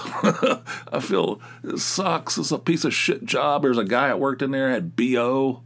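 A man's voice: medium pitch, expressive, unhurried, gravelly, a bit bright. A middle-aged man hosting a podcast, telling a story in a rambling, exasperated way, with many restarts, laughing at his own tale. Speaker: podcast host. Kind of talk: casual monologue storytelling.

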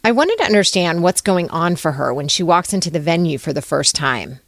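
A woman's voice: lowish voice, big pitch swings, brisk, no echo, studio quality. A woman hosting a podcast, narrating between segments and asking her guest curious questions. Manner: conversational, inquisitive. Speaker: podcast host.

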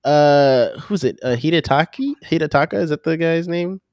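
A man's voice: a little high, normal speed, a little mellow, dry recording. A young man co-hosting a casual podcast chat in a laid-back, slangy way, laughing often. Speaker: podcast co-host.

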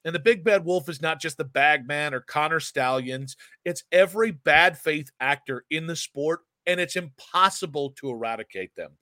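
A man's voice: on the high side, moderate pace, hardly any pauses, sharp tone, no echo, clean studio sound. A man co-hosting a sports talk show, ranting with fiery sarcasm. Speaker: sports radio co-host.

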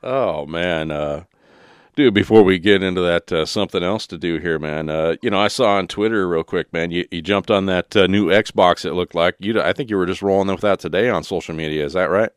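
A man's voice: low-pitched, fairly quick, smooth, no echo, studio quality. A man hosting a podcast in casual chat, rambling and loose with lots of fillers. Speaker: podcast host.

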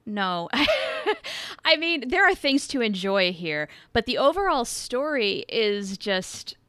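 A woman co-hosting a podcast in casual chat, upbeat and quick to laugh. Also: on the high side, very animated, pushed and bright, no room sound. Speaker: podcast co-host.

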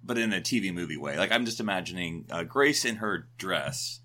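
A man in his forties co-hosts a podcast and rambles through his thoughts in cheerful, chatty fashion. His voice sits very low yet rings bright and forceful. He comes from the United States. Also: lively intonation, fairly quick. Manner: chatty, digressive and upbeat. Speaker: podcast co-host. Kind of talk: casual chat.

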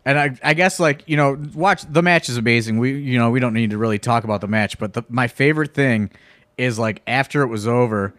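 A man's voice: medium pitch, fairly quick, fairly bright tone, dry recording, studio quality. A man co-hosting a podcast in casual chat, rambling with many fillers and swear words. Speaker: podcast co-host, wrestling promoter.

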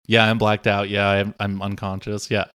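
A man's voice: fairly low pitch, monotone, normal speed, fairly bright tone, clear, resonant tone, dry recording. A man co-hosting as producer on a comedy podcast, rambling through sarcastic jokes. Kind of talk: joking podcast banter.

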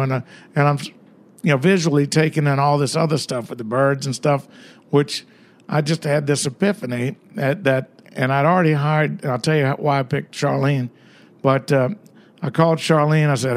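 A man's voice: on the high side, fairly even intonation, normal speed. Rambling older man telling stories. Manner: rambling, conversational, many fillers and restarts. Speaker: author and guest. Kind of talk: casual storytelling interview.

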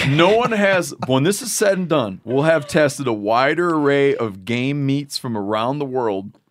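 A man's voice: mid-range voice, animated. Joking man hosting a casual podcast. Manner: jokey, talks fast in bursts. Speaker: podcast host. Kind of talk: casual chat.

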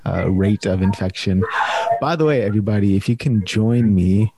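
A man's voice: on the low side, moderate pace, very noisy. Laid-back man hosting a video call. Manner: laid-back, chatty, says "man" often. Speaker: host. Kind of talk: casual chat.

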